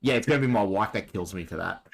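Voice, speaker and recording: A man's voice: lowish voice, quick pace, gravelly, crowd noise, poor audio. A man co-hosting a podcast, chatting casually with a wry, joking manner and frequent laughs. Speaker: podcast co-host.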